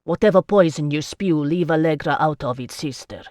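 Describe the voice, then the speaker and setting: The audiobook narrator voicing a haughty, quick-tempered male nobleman with a forceful, cutting way of speaking. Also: medium pitch, no echo, clean studio sound, lightly acted. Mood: angry.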